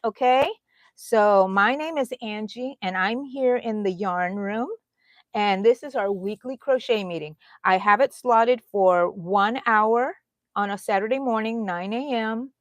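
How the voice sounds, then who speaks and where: A woman's voice: medium pitch, no room sound. A woman from Texas hosting a casual live chat, greeting viewers by name in an affectionate, chatty way. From Texas, USA. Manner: chatty, affectionate, reads viewer names aloud. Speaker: livestream host.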